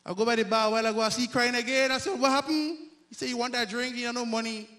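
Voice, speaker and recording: Grenadian man doing loud stand-up. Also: very high voice, fairly even intonation, fast talker. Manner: loud, crowd-working, self-mocking. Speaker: stand-up comedian. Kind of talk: stand-up comedy set. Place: live comedy stage before an audience.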